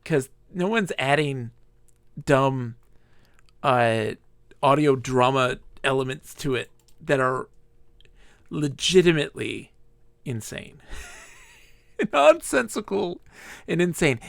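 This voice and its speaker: Drunk, rambling streamer man, very lively pitch. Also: takes it slowly, creaky, pauses often, dry recording. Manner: rambling and giggly, breaking into squeals and murmurs. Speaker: live streamer. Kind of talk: live gameplay commentary.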